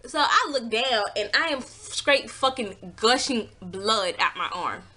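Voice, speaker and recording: A woman telling a personal story in a casual vlog, animated and exasperated, swearing freely and acting out what people said. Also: unhurried. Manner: acts out quotes with pitch jumps.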